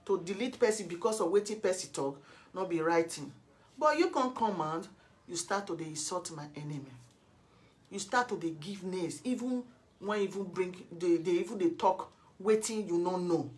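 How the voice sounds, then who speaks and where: A woman's voice: on the low side, animated, normal speed. Confrontational Nigerian woman, lecturing a rival. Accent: Nigerian Pidgin English. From Edo State, Nigeria. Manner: confrontational, lecturing, many rhetorical questions. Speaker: vlogger. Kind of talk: scolding monologue to a rival.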